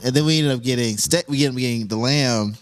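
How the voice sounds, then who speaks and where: A man's voice: medium pitch, fast, clean tone. Laughing young man hosting a chat. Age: young adult. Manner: animated storyteller, laughs often, goes on tangents. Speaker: podcast host. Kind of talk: casual chat.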